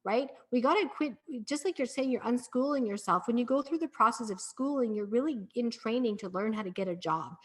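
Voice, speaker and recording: A middle-aged woman with a voice pitched a little high, speaking as a guest on a podcast. She tells her story in an earnest, encouraging way and sounds conversational and sincere. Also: fairly quick, hardly any pauses. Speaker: podcast guest, breathwork practitioner.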